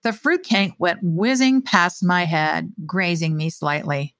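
Woman author reading her story aloud, expressive, dry close mic. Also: lowish voice, a little slow, no room sound. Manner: expressive reading, hesitant in chat. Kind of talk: storytelling reading, then casual chat.

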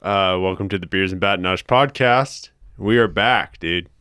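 A man's voice: sits low, moderate pace, pushed and bright, clean tone. A young man co-hosting a podcast in casual chat, laid-back, swearing freely and joking. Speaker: podcast co-host.

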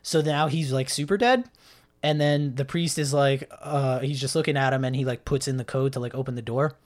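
A man's voice: medium pitch, fairly even intonation, brisk. A man chatting casually, retelling a story at length with many fillers and restarts. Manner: rambling retelling with acted-out quotes and many fillers. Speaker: podcast co-host recapping a film. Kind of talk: casual chat.

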